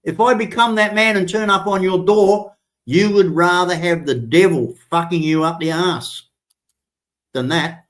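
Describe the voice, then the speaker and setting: A man's voice: sits high, measured pace. A man hosting a live stream, ranting in a threatening, profane and emphatic way.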